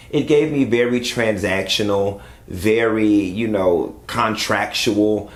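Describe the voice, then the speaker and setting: A man's voice: lowish voice, takes it slowly. Chatty man reviewing a reality show. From United States. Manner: chatty and candid, speaks straight to viewers. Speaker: YouTube commentator. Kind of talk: casual reaction commentary.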